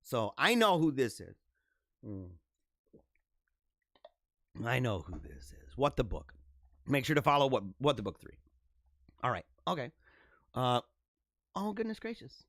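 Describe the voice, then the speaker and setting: A man hosting a live show with children at school, chatting in an excitable, rambling way, often laughing and repeating himself. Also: medium pitch, a little slow, long pauses, no echo, studio quality. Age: adult with school-age children. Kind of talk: casual live-stream chat.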